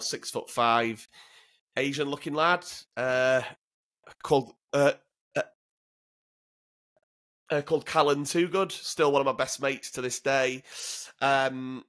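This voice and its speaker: A man's voice: mid-range voice, fairly even intonation, slow pace, sharp tone. A man, telling frank, swear-laden stories as an interview guest, often repeating words as he starts. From Northern England. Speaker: guest, former commando. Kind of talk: casual interview storytelling.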